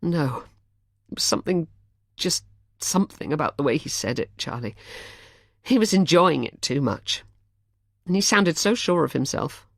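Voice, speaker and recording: A man's voice: on the high side, expressive, gravelly, no room sound, studio quality, heavily acted. A woman voicing a heartbroken tearful young man. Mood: distraught. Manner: hushed, choked, halting speech. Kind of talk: audiobook character voice.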